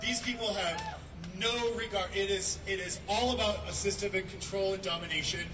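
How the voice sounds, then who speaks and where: A man giving an angry, profane protest speech outdoors, shouting and laughing as he rants. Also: sits high, steady tone, normal speed. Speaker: protest rally speaker, labor organizer. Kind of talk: impassioned rally speech. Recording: distant mic, loud crowd noise. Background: loud crowd and street noise.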